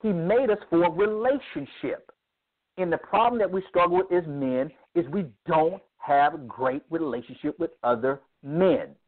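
This man's fairly high, expressive voice comes through a tinny phone connection at a moderate pace. Interviewed about men's ministry, he storytells in an animated, preacherly style, voicing the characters' lines himself.

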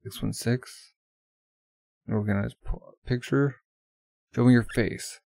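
Stern comic-book cop, commanding and loud, gravelly, read by a man. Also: medium pitch, fairly even intonation, takes it slowly, no echo. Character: stern male police officer on patrol.

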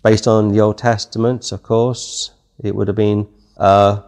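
A man's voice: fairly low pitch, little pitch movement, measured pace, darkish tone. A man with a British accent teaching a verse-by-verse Bible study, talking casually and reading the King James text aloud. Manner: conversational, reads scripture aloud in King James wording.

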